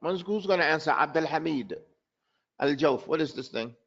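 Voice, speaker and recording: A man's voice: a little high, expressive, normal speed, muffled recording. A man teaching a tajweed class, calling on students by name and switching between Arabic and English. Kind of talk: classroom lesson.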